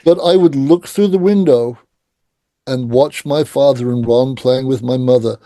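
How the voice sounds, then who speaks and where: Man telling lively band stories. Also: medium pitch, measured pace, dry recording. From England. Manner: animated anecdotes, acts out quoted voices. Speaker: guest. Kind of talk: casual storytelling interview.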